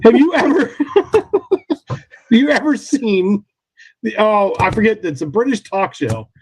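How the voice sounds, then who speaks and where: A man co-hosting a casual livestream chat with a husky, breathy voice. He speaks high and lively and giggles through playful banter. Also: unhurried, rough recording. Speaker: co-host.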